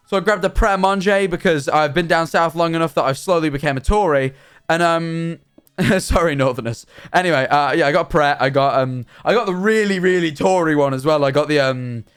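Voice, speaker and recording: Chatty man, slightly high. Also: fairly bright tone, clear, resonant tone. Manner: chatty, jokey, rambling storyteller. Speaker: streamer. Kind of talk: casual livestream chat.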